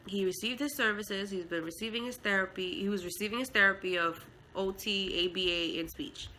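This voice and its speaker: A woman speaks in a bright, clear voice as she tells her own story in a casual vlog. She is heartfelt and emotional and uses many fillers. A faint noise sits under her voice. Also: on the low side, poor audio. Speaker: mother and vlogger.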